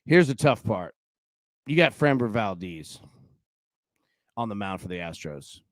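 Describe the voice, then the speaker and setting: A young man talks through a live sports-betting show with a pitch that bounces up and down. His delivery is chatty and animated, full of "dude" and "man". The sound is close and dry with no room around it. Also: measured pace, dry recording. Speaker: host.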